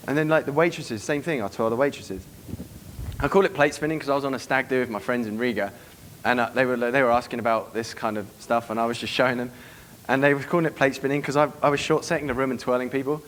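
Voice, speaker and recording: A man giving a seminar to a live room, brisk and profane, acting out club scenes as he goes. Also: mid-range voice, fairly even intonation, a bit bright, a little hiss or hum. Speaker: dating coach giving a seminar. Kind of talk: live seminar talk to an audience.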